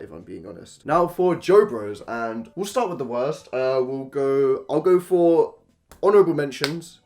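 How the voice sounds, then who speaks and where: A male reviewer talks through his opinions in a loose, unscripted monologue with a medium-pitched voice. He is blunt and swears freely. He swings easily between ranting and gushing with excitement. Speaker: anime and manga reviewer.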